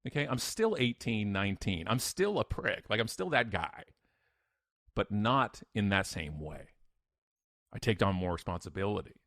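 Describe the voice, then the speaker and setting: A man's voice: fairly low pitch, expressive, normal speed, fairly bright tone, dry recording, clean studio sound. A middle-aged man, a podcast guest telling a personal story in a blunt, emphatic, self-mocking way. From Canada.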